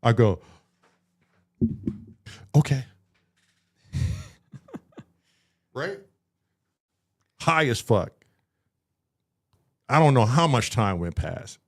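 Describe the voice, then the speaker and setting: A man casually telling a story on a talk show, acting out what people said and swearing freely. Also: lowish voice. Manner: animated, acts out voices in his story. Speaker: podcast co-host telling a story.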